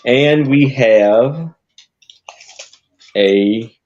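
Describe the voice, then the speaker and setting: A man's voice: medium pitch, extremely slow, darkish tone, muffled recording, slight background noise. A man presenting vintage items on a live online sale, describing them in a plain, hesitant way. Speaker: seller on live sale stream. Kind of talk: casual product description.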